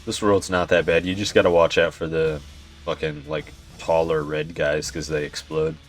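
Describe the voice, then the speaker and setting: A man's voice: very deep voice, flat delivery, normal speed, faint music behind. A young man giving laid-back gameplay commentary, swearing often, chuckling and sounding tired. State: yawning, tired. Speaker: gaming YouTuber.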